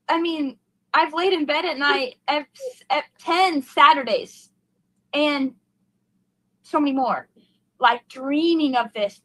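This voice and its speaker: A woman's voice: sits high, slow pace, pauses often, a bit bright, no room sound, low-quality recording. A young woman race driver in an emotional post-race interview, gushing and heartfelt, rambling with fillers.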